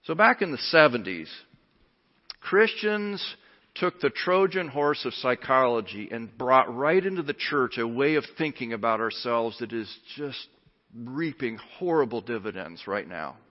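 Pastor preaching in a reverberant hall. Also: male voice, mid-range voice, animated, measured pace, muffled recording. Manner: emphatic, earnest preaching. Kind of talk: sermon.

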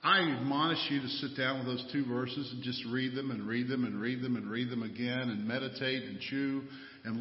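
Emphatic male preacher in a roomy hall. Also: medium pitch. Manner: emphatic preaching, rhetorical questions. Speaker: pastor. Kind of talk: sermon. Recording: roomy hall, dull sound.

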